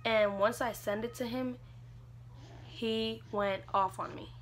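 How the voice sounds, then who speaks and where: A woman's voice: on the high side, fairly even intonation, slow pace, slight background noise. A young woman vlogger casually telling a personal story, chatty and leaning on "like" a lot. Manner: chatty, fills with "like" often.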